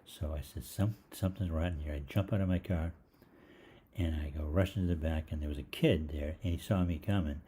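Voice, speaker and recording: Middle-aged male host, deep and mellow, rambling casual storyteller who acts out the other voices, faint noise under it. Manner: rambling, halting, full of fillers and restarts, acts out the other voices. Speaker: online health show host.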